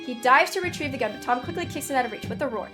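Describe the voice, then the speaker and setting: Woman streamer, reading a story game aloud, fairly high voice, dramatic, sweary outbursts, faint background music. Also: lively intonation, very fast.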